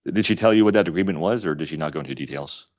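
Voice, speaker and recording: A man acting as an attorney in a courtroom, questioning a witness in a measured, methodical way. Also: sits low, darkish tone.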